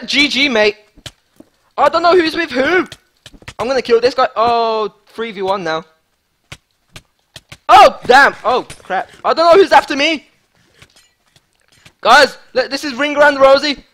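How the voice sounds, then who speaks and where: A man giving excitable live gameplay commentary as a gaming YouTuber, hyped and repeating himself. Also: extremely high pitch, unhurried, pauses often.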